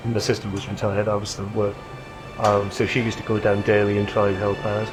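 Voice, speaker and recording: An older man, a rugby fan remembering his father in a documentary interview, speaking reflectively with many pauses and fillers. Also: on the low side, completely flat delivery, music in the background, poor audio.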